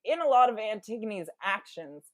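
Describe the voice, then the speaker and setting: A woman as a podcast guest, telling a story in casual, animated chat full of quoted voices. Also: mid-range voice, moderate pace, no echo.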